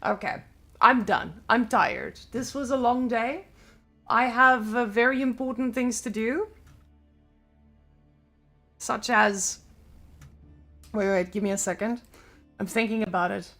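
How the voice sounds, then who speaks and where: A woman's voice: a little high, slow, long pauses, bright, forceful tone, soft background music. A young adult woman with a Serbian accent, chatting casually on a live stream in loose, non-native English.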